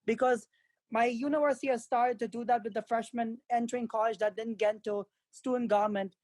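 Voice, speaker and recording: A man's voice: very high-pitched, fairly even intonation, fairly quick, darkish tone, no room sound, rough recording. A young man, a college student, giving a hesitant but earnest public comment at a board meeting. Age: young adult.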